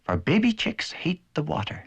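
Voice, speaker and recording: Animated, husky storybook narrator, a man. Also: on the high side, normal speed. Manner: animated and expressive, gentle storyteller. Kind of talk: storybook narration for a children's cartoon.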